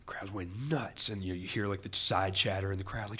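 Man, podcast host, bright forceful tone, lowish voice, rambling and emphatic. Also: steady tone, brisk, slightly rough. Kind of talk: casual chat.

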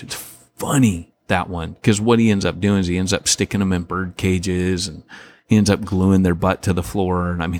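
His low voice comes with slight background noise as he co-hosts a laid-back podcast. Animated and rambling, he restarts often, uses many fillers, acts out quotes, and laughs frequently.

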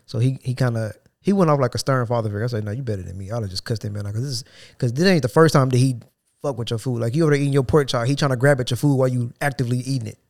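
With a medium pitch and a rapid-fire delivery, the man recounts a story from work during a relaxed podcast conversation. He brings it to life by performing the quoted lines.

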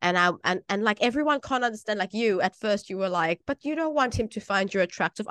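A woman's voice: fairly high pitch, animated, a little fast, pushed and bright, no echo. A woman in her thirties, a mother, co-hosting a podcast and talking earnestly and openly in casual chat. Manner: earnest, confiding, frequent agreeing. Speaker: podcast co-host.

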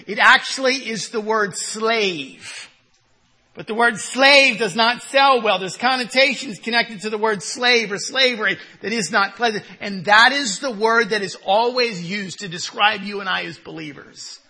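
A male pastor preaching a sermon, emphatic, with repeated rhetorical questions and loud one-word commands. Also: high-pitched, normal speed, slightly rough.

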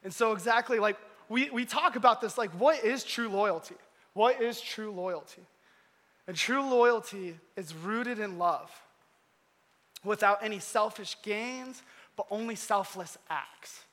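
A man preaches in a relaxed, slangy storytelling manner. His voice is high and bright, and it rings out with a long hall reverb. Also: a little slow. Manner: animated, slangy. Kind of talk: casual storytelling sermon.

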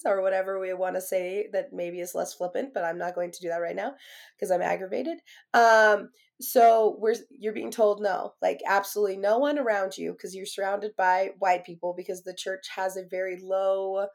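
A woman's voice: medium pitch, normal speed, creaky, no echo. A woman guest in an interview, telling her own story emphatically and acting out what others said to her. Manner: emphatic, animated, acts out other people's words.

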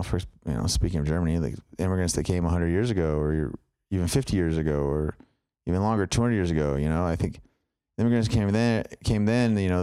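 Deep-voiced dude rambling thru podcast chat, smooth tone, fillers everywhere. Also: male voice, mellow, dry recording, studio quality. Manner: rambling, filler-heavy, loose tangents. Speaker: podcast co-host. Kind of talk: casual chat.

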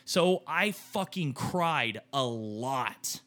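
A man's voice: mid-range voice, lively intonation, extremely slow, fairly bright tone. A man in his thirties co-hosting a casual chat, telling an emotional story in a rambling way with many restarts and some swearing. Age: 30s. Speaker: podcast co-host.

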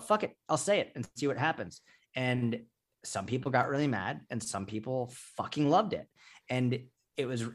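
A man, a fitness content creator talking candidly as an interview guest, rambling and swearing freely. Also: medium pitch. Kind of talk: casual interview talk.

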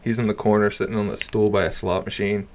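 A young man casually telling a story, swearing freely, laughing often and dropping into low mutters. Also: level tone, fast talker, darkish tone, a little hiss or hum.

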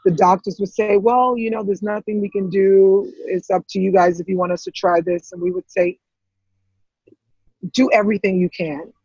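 A woman, an interview guest, tells an emotional personal story in a halting way, full of restarts and repeated words. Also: mid-range voice, steady tone, a little mellow, husky, no room sound, lo-fi sound.

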